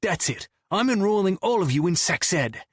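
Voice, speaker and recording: A prim, clipped British band manager, put on by a male audiobook narrator, talking in a raised, exasperated register. The voice stays husky underneath. The recording is dry and close. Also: on the high side, very animated, unhurried, no echo, pitched above the performer's own voice, exaggerated voice. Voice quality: crisp, clipped. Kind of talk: audiobook character voice.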